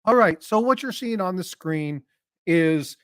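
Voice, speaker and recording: Man with a drawl, friendly streamer chatting with his viewers, slightly high voice, dry sound. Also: lively intonation, measured pace, no echo. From North Carolina. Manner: folksy, greets viewers by name, jokey. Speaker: livestream host. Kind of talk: casual livestream chat.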